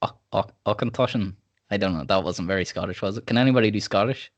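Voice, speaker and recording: A man's voice: deep voice, racing. A man hosting a podcast in a rambling, laid-back chat, sipping whiskey. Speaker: podcast host. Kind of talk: casual chat.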